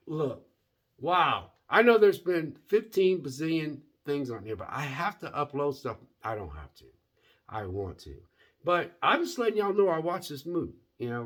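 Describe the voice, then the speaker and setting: Rambling male movie-review vlogger, lively sing-song delivery. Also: on the high side. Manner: rambling, repeats words, says "man" often; folksy, animated. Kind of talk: casual movie review chat.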